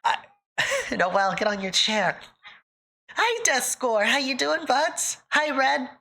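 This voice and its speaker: Woman streamer, casual live chat, bright lively voice, emotional and close to tears. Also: high voice, slow pace, gravelly. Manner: emotional, near tears, laughing often.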